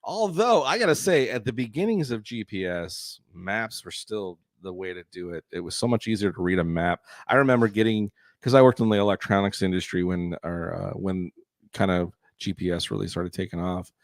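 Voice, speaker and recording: Rambling low-voiced man from California. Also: fairly quick, dry recording. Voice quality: slight crackle in voice. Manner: rambling, self-correcting, earnest. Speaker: podcast co-host and artist. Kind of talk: casual chat.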